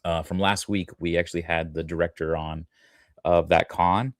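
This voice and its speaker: A man's voice: low voice, steady tone, normal speed, no echo, studio quality. A man co-hosting a fan podcast, talking casually and laughing easily as he shares plans. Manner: laughs easily, breaks into goofy impressions. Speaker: podcast co-host. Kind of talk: casual chat.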